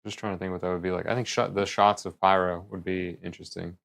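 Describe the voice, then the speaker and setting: A male streamer chatting casually on a live stream, rambling and thinking out loud. His voice is low and deep. It is smooth and resonant. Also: little pitch movement, fast. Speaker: livestreamer.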